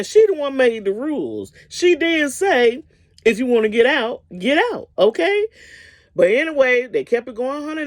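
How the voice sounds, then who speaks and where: A woman casually retelling a movie's story in a chatty, animated way, often asking "okay?" and calling the listener "honey". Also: medium pitch, no echo, clean studio sound.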